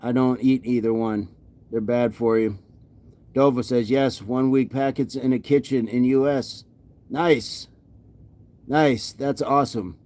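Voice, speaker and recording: A man's voice: medium pitch, fairly even intonation, measured pace, darkish tone. A man livestreaming a workout, winded and sweaty, reading viewer comments aloud and often repeating himself in casual chat. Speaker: fitness livestreamer.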